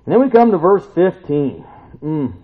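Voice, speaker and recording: A man preaching a casual sermon in a conversational, animated way, acting out the voices of the people he quotes. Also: a little high, moderate pace. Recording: tinny lo-fi phone-like recording.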